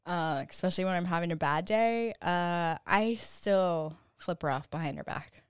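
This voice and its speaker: A woman in her thirties talks through a casual solo podcast, rambling and candid, with "like" and "you know" in nearly every line. Her voice is smooth and a little low. The sound is dry and close, with no room around it. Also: lively intonation, unhurried, darkish tone, dry recording. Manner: swears freely when quoting her younger self. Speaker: podcast host.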